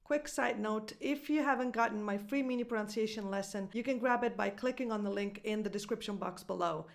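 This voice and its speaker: A woman's voice: medium pitch, brisk. Upbeat woman coaching pronunciation. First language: Italian. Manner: upbeat, clear teaching delivery with modeled example phrases. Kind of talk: online pronunciation lesson.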